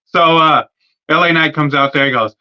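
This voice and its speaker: A man with a raised, bright, edgy voice riffs casually, swearing and stumbling over fillers as he lays out how he'd book the show. The stream audio sounds dull and lo-fi. It comes across as an unscripted solo rant. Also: fairly high pitch, moderate pace. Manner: profane, rambling, filler-heavy. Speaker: wrestling podcast host. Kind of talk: casual fantasy-booking rant. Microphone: streaming setup mic.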